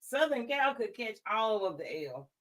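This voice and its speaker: A woman co-hosting a podcast, chatting casually about sports, animated and teasing in her playful trash talk. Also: a little high, measured pace, rough recording. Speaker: podcast co-host.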